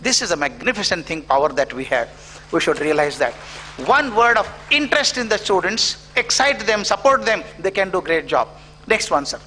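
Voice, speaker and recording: Bright-voiced Indian English male lecturer. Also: high voice, moderate pace, slight background noise. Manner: animated storyteller acting out dialogue. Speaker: educator giving a guest lecture. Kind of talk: motivational storytelling lecture. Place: auditorium.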